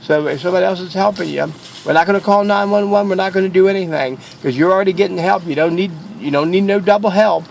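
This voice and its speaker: A curt, rule-bound supermarket employee, played by a man reels off policy in a high, gravelly voice. He sounds dismissive and unhelpful. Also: fast talker, a little hiss or hum.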